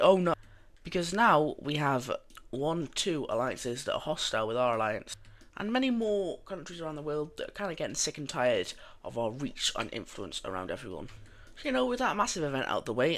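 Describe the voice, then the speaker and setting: Young male YouTube narrator, mid pitch, casual and rambling, full of fillers. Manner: relaxed, rambling, many fillers and restarts. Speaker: mapping video narrator.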